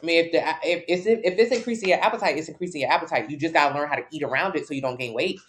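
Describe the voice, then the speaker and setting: A woman's voice: deep voice, very fast. Blunt, brash fitness coach woman. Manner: blunt, brash and jokey, with casual slang and swearing. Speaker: fitness coach answering live chat questions. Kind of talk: casual livestream Q&A.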